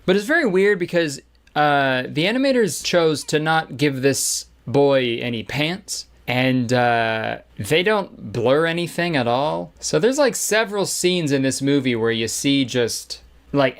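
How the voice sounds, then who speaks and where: A man's voice: fairly high pitch, fairly bright tone. A man giving casual comedic commentary on a movie, sarcastic and joking, often laughing.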